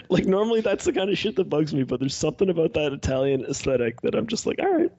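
A man's voice: fairly high pitch, animated, a little fast, creaky, a little mellow, husky, no room sound. A man co-hosting a podcast, joking wryly and laughing often in casual chat. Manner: wry, jokey, laughs often. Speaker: podcast co-host. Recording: dull lo-fi podcast audio.

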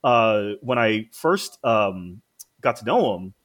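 A man in casual conversation, telling work stories in an animated way, acting out quotes and swearing freely. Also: fairly low pitch, slow. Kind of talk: casual chat.

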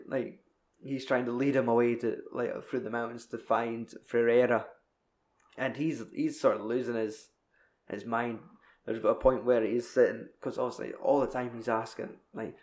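Guy, young, casual rambly swearing chat, normal pitch, echoey room sound. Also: steady tone, normal speed, a little mellow. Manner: rambling, sweary film recap.

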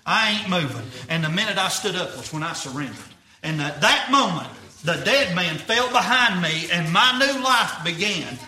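A young pastor-type preacher delivers an earnest sermon in a high, very bright voice at a moderate pace. He is animated, speaks in plain, folksy language, and keeps circling back over his phrases. His words ring through an echoey church room.

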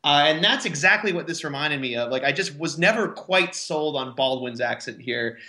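A man chatting casually on a podcast about a movie, animated and quick to laugh. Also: fairly high pitch, roomy sound. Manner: animated, laughs often, mimics accents. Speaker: podcast co-host. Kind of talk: casual chat.

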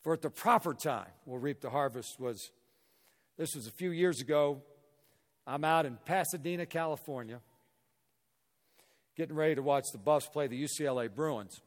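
A middle-aged man from Missouri giving a motivational talk to a hall audience, telling an animated story and acting out the dialogue. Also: a little high, moderate pace, pauses often. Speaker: guest speaker. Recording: echoey hall reverb.

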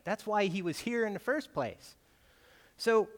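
A guest preacher delivers a sermon in a church, speaking conversationally and animatedly in a high voice at a measured pace. He keeps tagging his points with "right?", and the church hall gives the recording a long reverb.

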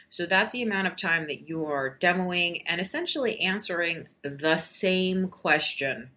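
Hoarse, tired low-voiced woman. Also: expressive, a little slow, hardly any pauses, pushed and bright. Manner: rambling, with many fillers. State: hoarse, losing her voice. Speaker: podcast host. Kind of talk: casual recorded diary.

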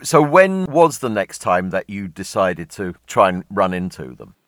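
A man's voice: sits low, big pitch swings, a little slow, over loud music. A man hosting a podcast, asking questions in a conversational, inquisitive way. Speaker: podcast host. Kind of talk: interview questions.

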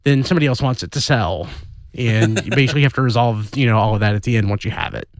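A man's voice: mid-range voice, fast, no echo, studio quality. A man talking in a casual podcast chat, hesitant, with many fillers.

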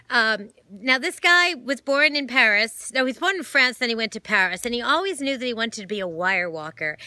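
A woman's voice: fairly high pitch, sharp tone, no room sound, clean studio sound. A woman hosting a casual film review vlog, chatty and rambling, with many fillers, self-corrections and gushing enthusiasm. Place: home, holding a dog.

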